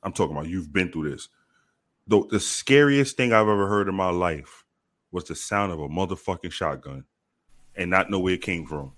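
A man from the Bronx holds the floor in a relaxed chat. His storytelling is animated and full of profanity. He doubles back on his own phrases for effect. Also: deep voice, moderate pace. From the Bronx, New York.

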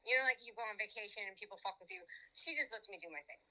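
A woman from Florida tells a rowdy, profanity-laced story as a podcast guest. Her voice is very bright and somewhat high, and her delivery is lively and unfiltered. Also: rapid-fire, low-quality recording. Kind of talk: casual storytelling interview.

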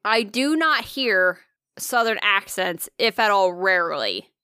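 A bright, lively woman co-hosting a casual podcast. She swears freely and wanders off into quick tangents as she talks. Her voice is close to the mic and dry, with no room sound behind it. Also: mid-range voice, clean tone, dry recording. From Northern Virginia area. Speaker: podcast co-host. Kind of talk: casual chat.

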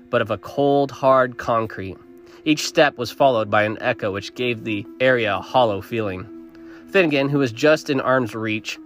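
A man narrating a first-person audio drama in a measured, descriptive reading. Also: mid-range voice, fairly bright tone. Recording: faint music underneath.

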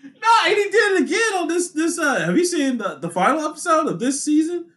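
A man co-hosting a podcast in casual chat, animated and hyped, laughing often. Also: very high-pitched, a little fast. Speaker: podcast co-host.

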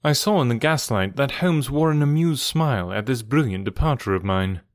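A man narrates a classic detective tale in a steady, even reading voice. His pitch sits in the middle, and the recording is dry and close with no room sound. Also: moderate pace, no echo. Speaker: audiobook narrator. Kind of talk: storybook narration.

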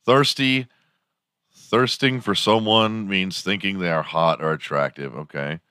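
Slow, bright-voiced sarcastic man. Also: deep voice, clean tone, no echo, studio quality. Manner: sarcastic, crude, rambling. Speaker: morning show host. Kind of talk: comedic podcast monologue.

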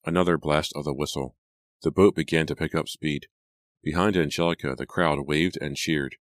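A man narrating a horror audiobook in a measured, scripted delivery. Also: very deep voice, steady tone, dry recording.

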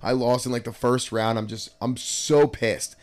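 A man hosting a casual podcast, telling profane personal stories with lively retold dialogue. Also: medium pitch, moderate pace. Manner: storytelling, profane, animated retelling. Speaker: podcast host. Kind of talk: casual chat.

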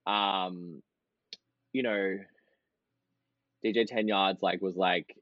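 A man, chatting as a podcast guest, full of fillers and quick laughs. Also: low voice, fairly even intonation, no room sound, lo-fi sound. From Australia. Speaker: podcast guest, drag performer. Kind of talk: casual interview chat.

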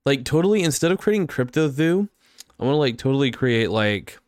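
A man's voice: on the low side, steady tone, normal speed, clean tone, no echo, clean studio sound, close to an everyday voice. A man putting on a smug, valley-girl-talking parody of a male influencer, drawing out every 'like, totally'. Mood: smug, mocking.

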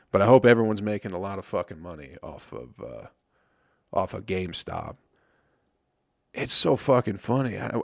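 Gravelly profane podcast host rambling. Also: male voice, lowish voice, dry recording. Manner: rambling, profane, wry and self-mocking. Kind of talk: casual solo podcast rant.

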